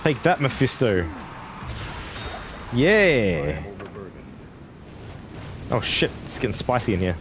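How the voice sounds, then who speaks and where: Against a noisy background, a twentysomething game streamer talks quickly with few pauses in an animated, mid-range voice. He chats casually, rambles, and answers viewers between fights.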